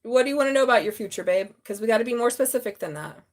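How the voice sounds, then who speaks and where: A woman runs a live tarot reading with a slightly high voice. She is chatty and laughs often. She swears casually and calls her viewers babe. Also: expressive, racing. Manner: talks straight to viewers, calls them babe. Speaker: tarot reader.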